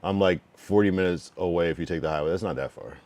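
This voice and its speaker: Deep-voiced streamer man, frank and loose. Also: darkish tone. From New England, US. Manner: frank, loose, reads chat messages aloud and answers them; drawn-out slang-filled musing with many fillers. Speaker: livestreamer giving feedback to chat. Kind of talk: casual livestream chat.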